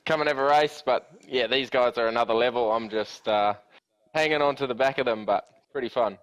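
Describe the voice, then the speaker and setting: A man's voice: medium pitch, brisk, fairly bright tone, clear, resonant tone, rough recording. A man with a New Zealand accent joining by remote call, laid-back and modest, laughing as he talks. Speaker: guest driver. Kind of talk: casual interview.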